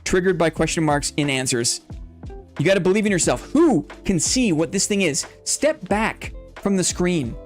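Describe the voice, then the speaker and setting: His voice is high-pitched and animated at a normal speed, with faint music playing behind. Hosting a live game stream, he ribs his chat playfully and narrates in-game fights, whipping up hype like a fight announcer.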